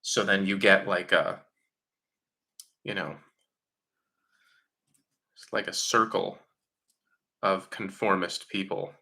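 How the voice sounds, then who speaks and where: Bright-voiced opinionated man. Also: low-pitched, fairly even intonation, takes it slowly, vocal fry, long pauses. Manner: opinionated, mocking voices in quotes, frequent fillers. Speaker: livestream host answering chat questions. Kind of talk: casual live Q&A monologue.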